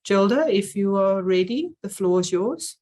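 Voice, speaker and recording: A woman chairing an online science symposium, introducing speakers with many pauses and fillers. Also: mid-range voice, lively intonation, mellow. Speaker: session chair.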